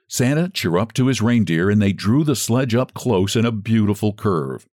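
A man narrating a children's story aloud in an expressive reading. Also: lowish voice, normal speed, hardly any pauses, no echo, studio quality.

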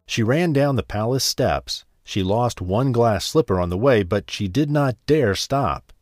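A man reading a fairy tale aloud with a measured, expressive storybook delivery. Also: mid-range voice, faint music behind. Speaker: narrator. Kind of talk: storybook narration.

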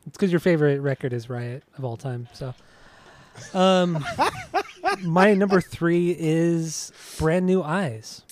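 A man's voice: a little high, slow pace, a little mellow, slight background noise. A young man hosting a podcast in casual chat, laid-back and teasing, often chuckling. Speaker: podcast host.

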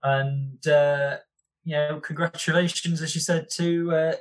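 A man's voice: fairly high pitch, little pitch movement, a little slow. Hesitant man chatting sports. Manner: hesitant, many fillers. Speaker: podcast co-host. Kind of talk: casual sports discussion.

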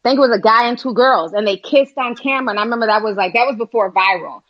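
A woman hosts a live call-in stream in a loose, chatty way, tossing in "honey" as she talks to callers. Her voice sits a little high. The sound is dry and slightly dull, like lo-fi stream audio. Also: quick pace, no echo. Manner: chatty, calls listeners honey. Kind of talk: casual live call-in chat.

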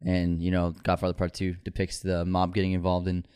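A sleepy man co-hosting a casual podcast, laid-back and quick to agree. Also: deep voice, monotone, darkish tone, clear, resonant tone. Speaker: podcast co-host. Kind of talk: casual chat.

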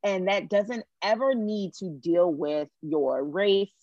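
A woman's voice: medium pitch, takes it slowly, darkish tone, dry recording, dull audio. A woman hosting a podcast, talking earnestly in long winding sentences in casual pop culture chat. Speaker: podcast host.

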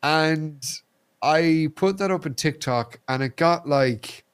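An Irish man, a streamer guest on a podcast, chatting casually and telling animated stories, swearing freely. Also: fairly high pitch, takes it slowly, clean tone. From Ireland. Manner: animated storyteller, swears freely, acts out quotes.

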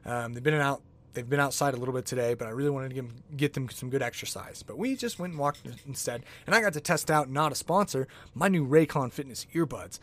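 A man with a mid-range voice talks quickly into a podcast microphone, hosting his own show alone. It's a casual solo rant, rambling and exasperated, with many restarts and laughs.

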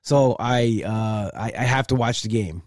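A man hosting his own podcast in a casual, rambling way, hoarse and congested from a cold with a gravelly voice. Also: medium pitch, a little slow, a little mellow, no echo, clean studio sound. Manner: rambling, repeats words when starting sentences. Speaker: podcast host. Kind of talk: casual solo podcast talk.

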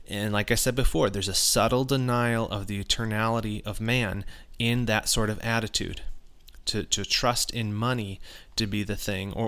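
A man's voice: lowish voice, fairly bright tone. Earnest man teaching casually. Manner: earnest, restarts often, with bursts of emphasis. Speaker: podcast host.

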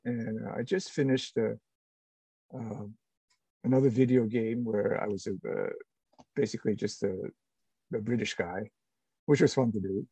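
A middle-aged man, an actor being interviewed, talking casually and haltingly with many restarts and fillers. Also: fairly low pitch, fairly even intonation, dark tone, husky, no echo, poor audio. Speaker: actor guest.

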